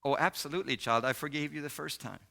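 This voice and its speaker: A man voicing a gentle, comforting Jesus who speaks softly and kindly. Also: on the high side, fast talker, creaky. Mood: tender. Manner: soft, hushed. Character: gentle comforting Jesus, soft-spoken and kind.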